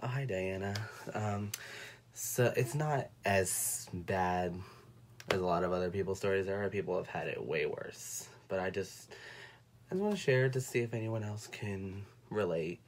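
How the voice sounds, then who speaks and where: A young man from North Carolina telling a personal story on a livestream, speaking in a soft, halting way and fighting back tears. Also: low voice, expressive, slight background noise. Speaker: vlogger. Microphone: phone or webcam.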